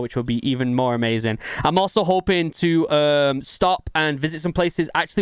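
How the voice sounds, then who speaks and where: Man, fast-talking, smooth clear voice, dry close sound, upbeat casual vlog chat. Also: on the high side, no room sound. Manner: chatty and upbeat, repeats phrases. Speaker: reaction video host.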